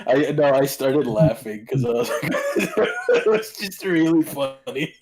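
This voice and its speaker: A man's voice: on the high side, wildly swooping pitch, measured pace, crowd noise. Giggly, teasing man. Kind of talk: casual chat.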